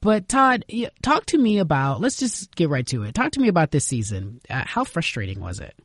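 A woman's voice: deep voice, a little fast, breathy edge, no room sound, clean studio sound. A woman hosting a sports podcast, narrating and introducing her guest with emphasis. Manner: lively, emphatic. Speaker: host.

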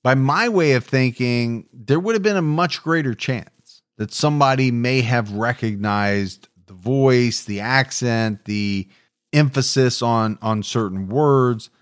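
A man hosts a true crime podcast with a mid-pitched voice. He narrates and muses in a steady, reflective way. The recording is close and dry. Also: slow pace, dry recording. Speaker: podcast host.

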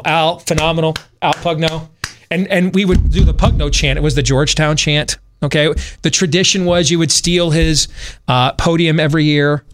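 A man from Michigan, a radio talk show host, telling a long story in a rambling, animated way with many fillers and laughs. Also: a little high, dry recording, studio quality. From Michigan, USA.

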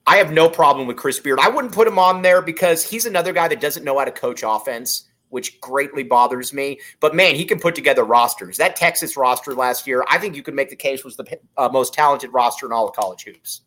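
A man's voice: medium pitch, a little fast, few pauses, a bit bright. A man co-hosting a sports podcast, giving blunt, opinionated takes in casual chat. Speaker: podcast co-host.

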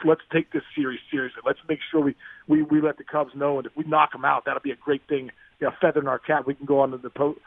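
Fast-talking gravelly man on a phone line. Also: fairly high pitch, dry recording. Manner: excitable, acts out the voices of people in his stories. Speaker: guest, former pro baseball player. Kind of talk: animated storytelling in a podcast interview. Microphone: phone call. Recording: tinny dry phone line.

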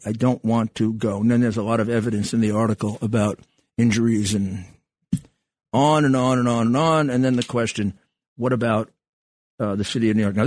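An older man hosts a talk radio show in a husky, slightly rough voice. He rambles with halting restarts and plenty of fillers. The sound is dry and close, with no room around it. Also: mid-range voice, darkish tone, no room sound. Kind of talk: casual talk radio monologue.

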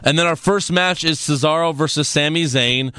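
A man hosting a casual chat, recapping events in an animated, rambling way and swearing freely. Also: fairly high pitch, normal speed, clear, resonant tone, no room sound. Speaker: podcast host recapping wrestling.

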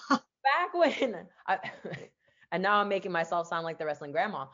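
A woman's voice: fairly low pitch, big pitch swings, moderate pace, fairly bright tone, dull audio. A woman hosting a podcast in casual interview chat, chatty and full of "like". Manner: chatty, peppers speech with "like". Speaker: podcast host, former wrestler.

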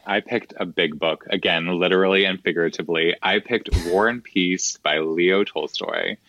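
A man who is a podcast guest, talking about a book with wry, deadpan humor. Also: deep voice, normal speed, dry recording, highs cut off. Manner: wry, deadpan delivery with laughs. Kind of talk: casual podcast conversation.

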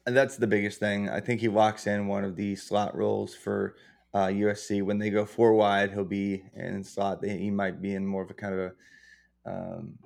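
A man with a low, gravelly voice co-hosting a sports podcast. He works through his football takes casually, stopping to restart with plenty of uhs. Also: flat delivery, moderate pace, a little mellow. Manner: hesitant, many uhs and restarts. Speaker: podcast co-host.

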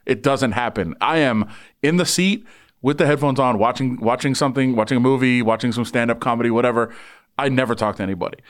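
A man's voice: medium pitch, quick pace. A man who works as a sports reporter, telling a long story in casual chat and acting out the people in it. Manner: animated, voices people in anecdotes.

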